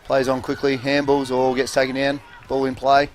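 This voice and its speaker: A man with an Australian accent commentating a local football game in a relaxed, halting way with many fillers. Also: mid-range voice, a little hiss or hum. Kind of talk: casual sports commentary. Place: commentary box at an outdoor oval.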